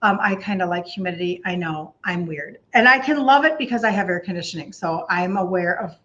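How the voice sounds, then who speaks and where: A woman's voice: lowish voice, animated, brisk, a bit bright, lo-fi sound. A woman in her fifties with a Minnesota accent, chatting casually as a health coach on a livestream, laughing often and filling gaps with "um" and "like". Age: 50s. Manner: chatty, laughs often, uses many fillers.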